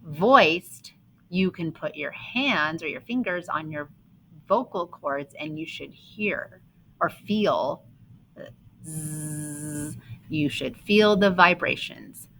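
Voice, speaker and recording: Woman teacher, bright, forceful tone, very slow deliberate phonics delivery for kids; faint room hiss. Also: on the low side, expressive, vocal fry, rough recording. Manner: slow, sing-song teacher voice, sounding out syllables. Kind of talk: phonics lesson for children.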